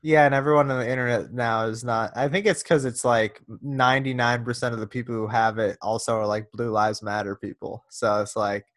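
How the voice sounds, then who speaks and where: A man's voice: medium pitch, fairly even intonation, fairly quick, hardly any pauses, a bit bright. Man, podcast host, casual chat, rambling, self-deprecating.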